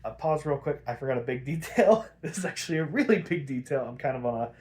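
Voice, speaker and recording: Talking quickly in a voice on the high side, a young man hosts a podcast and recaps a cartoon episode. He rambles, curses freely, and brings the story to life by acting out the characters' quotes.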